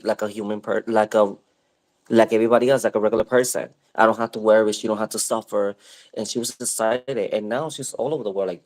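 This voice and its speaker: Man, casual co-host; low, loose, filler-heavy storyteller. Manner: rambling, animated retelling with many fillers.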